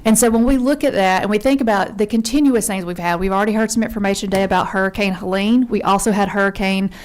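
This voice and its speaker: Testifying to a legislative committee, this Georgia woman works as a member service consultant and speaks in an earnest, chatty manner, tossing in a friendly "y'all" here and there. Her voice is mid-pitched for a woman, and she talks quickly and continuously.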